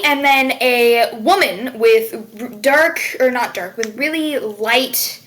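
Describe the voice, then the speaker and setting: A woman's voice: a little high, slow, a bit bright, a little hiss or hum. A woman narrating as game master of a tabletop game, laughing often and swearing casually.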